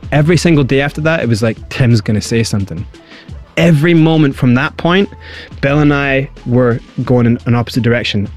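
A man recounting his own past as an interview guest, lively and acting out the people he quotes. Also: medium pitch, fairly quick, soft background music. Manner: animated, acts out quoted voices. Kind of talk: candid storytelling.

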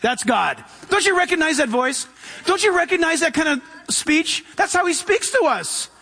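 A man's voice: extremely high pitch, lively intonation, moderate pace, pushed and bright. A man preaching a sermon, emphatic and punchy, who keeps saying "listen" and acts out voices as he preaches. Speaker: pastor.

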